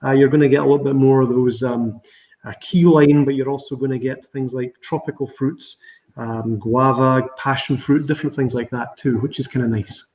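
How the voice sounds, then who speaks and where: A middle-aged man with a Scottish accent, a winemaker chatting on a video call and telling stories with lively laughter. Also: mid-range voice, normal speed. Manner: chatty, laughs often, animated storytelling. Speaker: winemaker guest. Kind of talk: virtual tasting interview. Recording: roomy, slightly dull video call audio.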